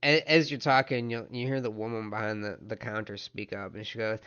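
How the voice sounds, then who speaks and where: A man's voice: on the low side, steady tone, fairly quick, a bit bright, clear, resonant tone, dull audio. A man narrating as game master of a tabletop game, stumbling and restarting as he describes the scene. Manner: stammering restarts while narrating.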